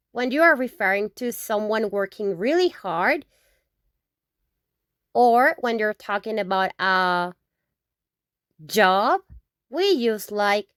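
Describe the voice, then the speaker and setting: A woman's voice: a little high, lively intonation, takes it slowly, long pauses, a bit bright, clean tone, dry recording, clean studio sound. A woman teaching vocabulary in English. She says each word several times and checks in with "okay?". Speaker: Spanish teacher. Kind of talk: slow, repetitive vocabulary lesson.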